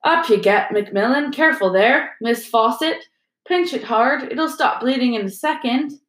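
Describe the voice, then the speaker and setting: A woman's voice: on the high side, moderate pace, voice pushed up, natural voice. A woman voicing a vain, flustered male wizard teacher, cheery and theatrical, in a roomy recording. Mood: bustling. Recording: roomy echo.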